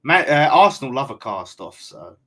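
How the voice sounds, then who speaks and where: A man's voice: medium pitch, sing-song, moderate pace, sharp tone. A man hosting a live-streamed football fan chat, talking casually and swearing freely. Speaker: fan channel host.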